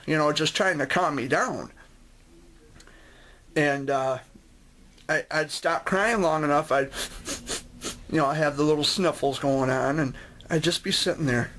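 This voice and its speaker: A man's voice: fairly high pitch, steady tone, normal speed, a bit bright. A man telling a personal story in a casual, rambling way, often restarting his sentences. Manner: rambling, with frequent restarts and asides. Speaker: vlogger sharing a memory.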